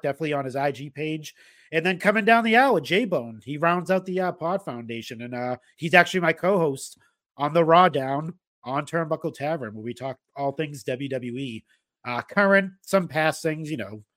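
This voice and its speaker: A man hosting a casual podcast rambles, with lots of fillers and restarts, in a voice slightly high for a man and fairly bright. The recording is close and dry, with no room sound.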